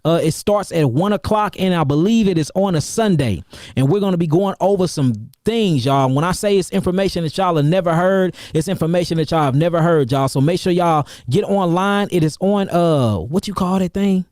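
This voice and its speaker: A man from St. Louis, an herbalist, giving casual livestream shout-outs to his viewers in an energetic, repetitive, slangy way. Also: sits high, fairly quick, no room sound, clean studio sound. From St. Louis, Missouri, USA. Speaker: herbalist and seminar host.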